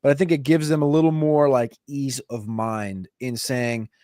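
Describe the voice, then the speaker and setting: A man's voice: medium pitch, fairly even intonation, warm tone, no echo. Man talking football with a dry close sound. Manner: thinking aloud, with hedging fillers and drawn-out pauses. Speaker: fantasy football podcast co-host. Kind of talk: casual sports chat.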